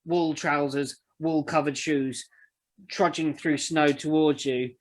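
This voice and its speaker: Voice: medium pitch, fairly even intonation, poor audio. A game master narrating a tabletop game among friends in a loose, rambling way. The voice sits mid-range, and the description stops and restarts often around fillers. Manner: rambling, halting description with many fillers and laughs.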